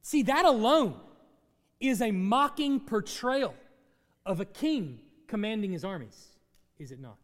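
A man's voice: sits high, sing-song, a little slow, in a large hall. A man preaching a sermon as pastor, teaching through a Bible passage and asking his congregation questions.

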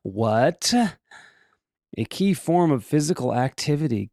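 A man's voice: on the high side, animated, normal speed, a little mellow, no echo, studio quality. A man hosting a show, reading offbeat news stories in a comedic way and breaking off for joking asides and rhetorical questions. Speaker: host.

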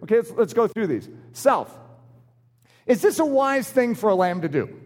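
A man's voice: high-pitched, moderate pace. A man preaching a sermon, acting out short voices in his illustrations. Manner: animated, acts out little voices in his illustrations. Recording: long hall reverb.

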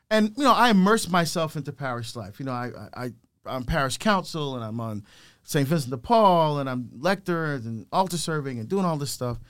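A middle-aged deacon appearing as a guest speaker tells his life story in a lively way. His voice is smooth and on the high side, and he acts out the voices of people he quotes.

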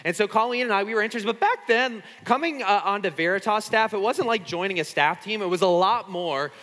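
A man's voice: high voice, lively intonation, fairly quick, bright, forceful tone, long reverb tail. A man, a pastor telling chatty, self-deprecating stories to a retreat crowd with plenty of fillers. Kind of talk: casual sermon talk at a retreat.

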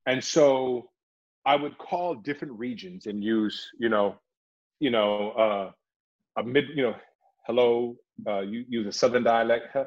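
A man's voice: medium pitch, unhurried, highs cut off. A middle-aged man, an actor, chatting animatedly in an interview and slipping into voices as he tells stories. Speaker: actor and guest. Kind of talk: casual interview storytelling.

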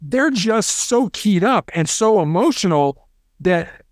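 Animated man telling negotiation stories. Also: high-pitched, slow, dry recording, clean studio sound. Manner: animated, acts out quoted voices, repeats words. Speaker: former SWAT hostage negotiator, guest. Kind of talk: storytelling interview.

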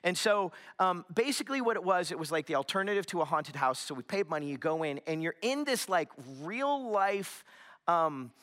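A young man preaching a sermon, telling a story in an animated, chatty way with lots of fillers. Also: high-pitched, normal speed. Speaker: pastor.

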